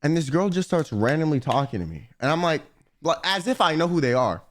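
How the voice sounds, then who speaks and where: High voiced streamer guy ranting through a story, swears a lot. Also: fairly quick. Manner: profane, rambling, animated. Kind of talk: casual storytelling chat.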